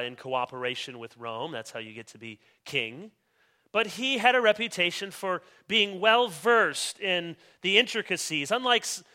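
A man preaching an expository sermon as pastor, reading scripture aloud and stressing key words with emphatic, slowed delivery. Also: high voice, bright, forceful tone. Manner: reads scripture aloud with rising intensity.

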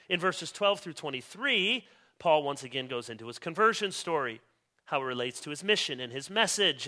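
High, bright-voiced preacher man. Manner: emphatic, pushes key words louder and slower; reads scripture aloud with rising intensity. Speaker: pastor. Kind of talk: expository sermon.

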